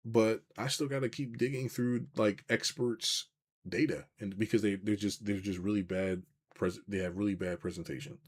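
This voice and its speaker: Man, lowish voice, live-stream chat, rambling, swears a lot, keeps restarting sentences. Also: fairly even intonation, normal speed, husky. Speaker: business coach hosting a live stream. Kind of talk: casual live-stream chat, reading viewer comments.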